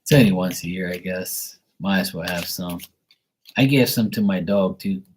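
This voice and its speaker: A man's voice: sits low, normal speed, a little hiss or hum. A young man giving live tarot readings, chatting loosely and swearing casually while he reads messages to viewers. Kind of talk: casual livestream chat.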